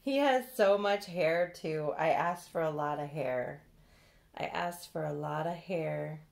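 A woman's voice: sits low, measured pace, vocal fry, a little mellow. A young adult woman chatting in a casual box-opening vlog, gushing and cooing over a new doll. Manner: gushing, coos and squeals. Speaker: vlogger.

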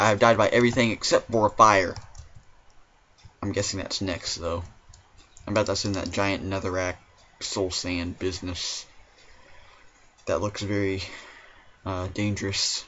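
A man's voice: fairly low pitch, a bit bright. A man doing let's play commentary in an exasperated, whiny, complaining way, heard through a dull lo-fi mic. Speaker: gaming commentator.

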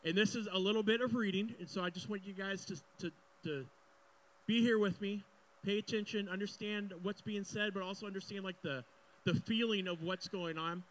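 A man's voice: high voice, fairly even intonation, moderate pace, low-quality recording. A young man preaching a sermon as pastor, reading scripture aloud and breaking into casual, joking asides.

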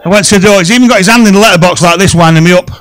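A Liverpudlian comedian tells a story live on stage, voice pitched fairly high. He talks in quick punchy bursts into a handheld mic. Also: fairly bright tone, low-quality recording. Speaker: stand-up comedian. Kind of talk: stand-up comedy.

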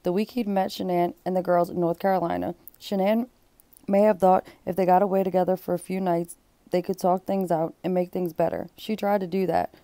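A woman's voice: on the low side, little pitch movement, a little fast, warm tone, no room sound. A woman reading a book aloud and breaking off for blunt, exclaiming comments. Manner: blunt, exclaiming asides between read passages.

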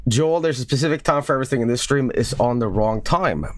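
A man streaming a game, joking and swearing with excitable commentary. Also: medium pitch, quick pace, hardly any pauses, no room sound. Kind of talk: casual live-stream commentary.

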